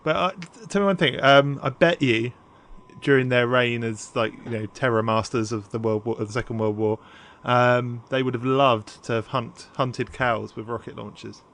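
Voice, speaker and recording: A man's voice: mid-range voice, fairly even intonation, moderate pace, a bit bright. A man co-hosting a casual podcast, presenting a story and laughing often as he tells it. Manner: giggly, keeps laughing while telling.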